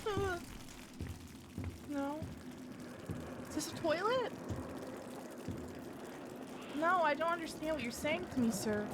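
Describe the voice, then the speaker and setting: A woman's voice: sits high, expressive, slow, long pauses, heavy background noise. A young adult woman streaming a game, chatting casually and breaking into helpless laughter.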